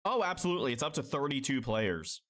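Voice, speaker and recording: A young man co-hosting a game stream, chatting casually, excitable and quick to swear. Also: medium pitch. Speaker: co-host of a let's play stream.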